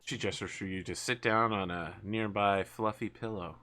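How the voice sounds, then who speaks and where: A man narrating as game master in a tabletop game, relaxed and filler-laden. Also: fairly low pitch, normal speed.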